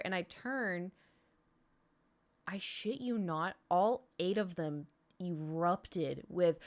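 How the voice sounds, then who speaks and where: A woman's voice: medium pitch, measured pace. A young woman streamer casually telling a story, acting out the people she quotes. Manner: animated, acts out quoted voices.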